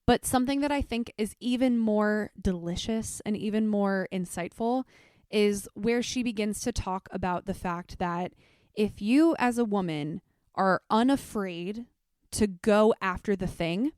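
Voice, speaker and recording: A woman's voice: mid-range voice, measured pace, darkish tone, clear, resonant tone, dry recording, clean studio sound. A young adult woman, a teacher, hosting her own podcast in a candid, reflective way, with frequent fillers. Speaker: podcast host. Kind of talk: casual solo podcast talk.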